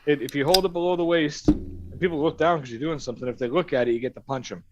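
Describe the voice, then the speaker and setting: A man's voice: on the high side, fast, background noise. A man hosting a casual stream chat, rambling through stories with a lot of swearing and laughing. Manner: rambling, profane storytelling with frequent laughs. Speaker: stream host. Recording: dull, dry stream audio.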